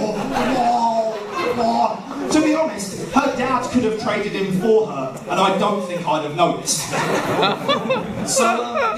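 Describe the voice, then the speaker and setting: A young man doing a stand-up set, telling a self-deprecating story and acting out the voices in it. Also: sits high. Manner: animated storytelling, self-deprecating, acts out quotes. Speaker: stand-up comedian. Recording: echoey venue recorded from far off. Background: audience laughter.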